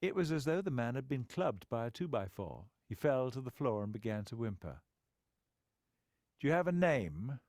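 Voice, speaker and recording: A man reads a story from a script with lively, expressive intonation that swings widely and a wry storyteller's flair. His mid-range voice moves briskly with few pauses, recorded close and dry with no room sound.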